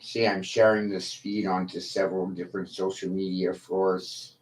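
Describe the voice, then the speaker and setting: A man ranting on a livestream, profane, combative and boastful, with long pauses between his lines. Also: low voice, little pitch movement. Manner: slow, drawn-out delivery with long pauses. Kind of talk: livestream rant.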